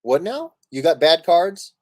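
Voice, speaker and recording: A man's voice: a little high, a little slow, dry recording, clean studio sound. A man hosting a live stream, chatting casually and laughing while he plays a card game with friends. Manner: animated, laughing, swearing playfully. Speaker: streamer host.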